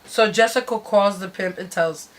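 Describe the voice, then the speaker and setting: A woman's voice: medium pitch, normal speed. A woman giving a dramatic, slangy and profane reading of a wild story. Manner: animated, slangy, swearing narration.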